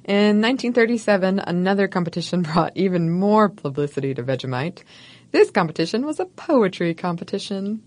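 A woman co-hosting a podcast, narrating a history segment from a script in a wry, playful way with soft laughs. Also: mid-range voice, animated, fairly quick, dry recording. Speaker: podcast co-host.

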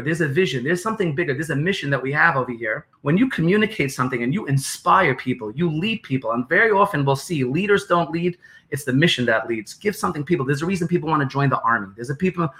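A man with a New York accent, explaining business ideas as a podcast guest in an animated way, repeating phrases and acting out quotes. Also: fairly high pitch.

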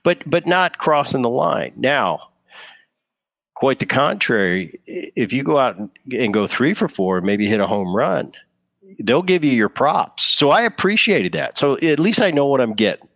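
A man's voice: mid-range voice, normal speed, creaky, no room sound. A man, a former ballplayer, chatting casually as an interview guest, telling stories with frequent restarts. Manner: relaxed storytelling with frequent restarts. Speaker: guest, former baseball player.

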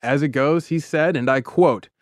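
A man's voice: a little high, moderate pace. Playful man telling a true story. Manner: vivid, playful, acts out side characters with funny voices. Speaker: podcast host. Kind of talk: storytelling narration in second person.

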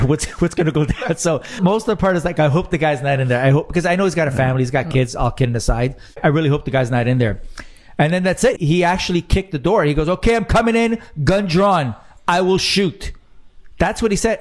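A man on a podcast telling a story in a casual, animated way, swearing and laughing as he goes. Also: fairly high pitch. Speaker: podcast guest.

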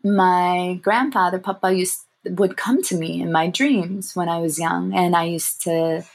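Young adult woman, interview guest; slightly low pitch, thoughtful and warm, halting storytelling. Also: fairly even intonation, gravelly. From grew up in England, family from Sri Lanka. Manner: thoughtful, warm, laughs softly, frequent fillers. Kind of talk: reflective personal storytelling.

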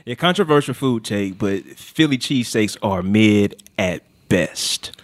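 A man co-hosting a casual chat, talkative and quick to laugh. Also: fairly low pitch, expressive. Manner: chatty, laughs often.

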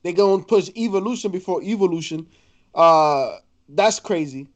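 Man, high voice, loose joking banter, casual wrestling talk. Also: lively intonation, normal speed, muffled recording. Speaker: podcast co-host.

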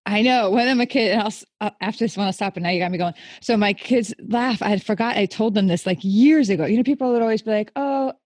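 A woman's voice: medium pitch, fast, hardly any pauses, a little mellow, no echo, clean studio sound. A middle-aged woman hosting a casual chat, who laughs easily and reads out listener questions. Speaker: host.

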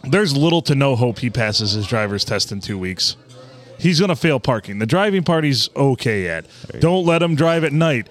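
A man co-hosting a podcast, telling profane, animated stories in casual chat at a bar. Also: medium pitch, normal speed. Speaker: podcast co-host. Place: bar on a Monday night.

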